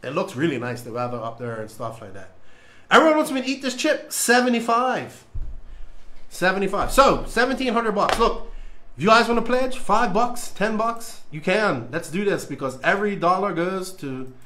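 Man hosting a live stream from his home studio, higher voice with lots of swing in his pitch, joking nervously. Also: expressive, normal speed, pushed and bright. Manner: nervous, joking, stalling, reading labels aloud. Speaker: podcast host doing a livestream. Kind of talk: casual livestream chat.

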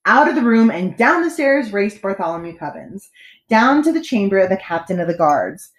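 A woman teacher reading a children's storybook aloud with expressive, animated storytelling. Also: medium pitch, moderate pace, reverberant.

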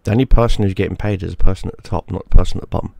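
A man's voice: sits low, steady tone, very fast, gravelly, mellow, dry recording. A man giving a crude, mocking rant straight to the camera, often repeating himself for emphasis. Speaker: YouTube gaming creator. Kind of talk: profane ranting monologue.

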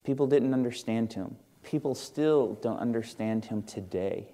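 A man's voice: mid-range voice, moderate pace, dark tone. A male pastor preaching a sermon in a church, earnest and conversational, asking the congregation questions. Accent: Midwestern American. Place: church sanctuary.

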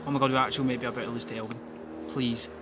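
A young man giving excitable, sweary, jokey commentary on his football game from his back garden, breaking into yells. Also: mid-range voice, very fast, background noise. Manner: sweary, jokey, bursts into yelling. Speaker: gaming commentator.

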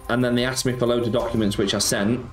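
Speaking quickly in a level, medium-pitched voice, this man runs a casual slots stream where he chats with his audience. He reads their messages out loud, replies to them, and keeps dropping "mate." There's a roomy echo and music underneath.

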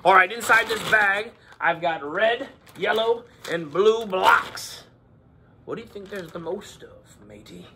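A hearty pirate growls out jokes and questions for children, voiced by a man in his forties. The voice is gravelly and bright, the pace slow and the pitch bouncing high and low. It sounds like a playful teacher's pirate act. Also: slight background noise, full character voice. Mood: jolly. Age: 40s.

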